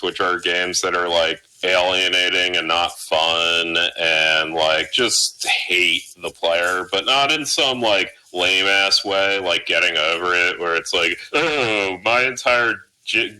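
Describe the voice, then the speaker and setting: A man's voice: low-pitched, sharp tone, clean tone, poor audio. A man in his thirties co-hosting a podcast in casual chat, rambling and profane with lots of filler words. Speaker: podcast co-host.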